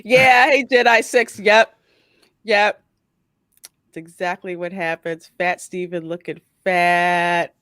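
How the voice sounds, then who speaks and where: A woman's voice: fairly low pitch, fairly even intonation, slow pace, a bit bright, no room sound, clean studio sound. A woman hosting a casual live stream from home, reading viewer comments aloud and laughing often. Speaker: talk show host. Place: home in suburban Philadelphia.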